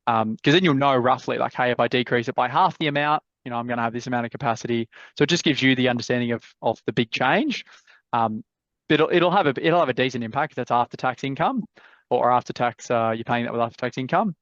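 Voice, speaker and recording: An Australian man gives casual, blunt property advice during a live mentorship video call, swearing as he pleases. He talks quickly at a medium pitch, with a slightly bright tone. The dry, dull video-call sound has no echo.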